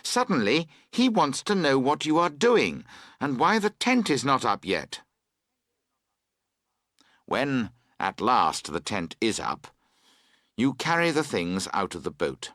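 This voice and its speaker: A man narrating a story for English learners in a slow, expressive reading. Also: fairly low pitch, dry recording, studio quality. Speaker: audiobook narrator.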